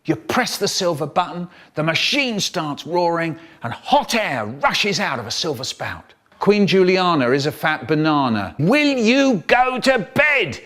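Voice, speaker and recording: A man reading and performing comic children's poems in an expressive, playful storytelling manner. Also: a little slow, hardly any pauses. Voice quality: expressive, big swoops in pitch, playful. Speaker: children's poet reading aloud.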